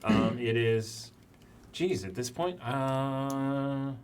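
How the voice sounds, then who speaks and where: A man narrating a tabletop game as dungeon master, pausing often with fillers. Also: medium pitch, slight background noise. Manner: halting, many fillers.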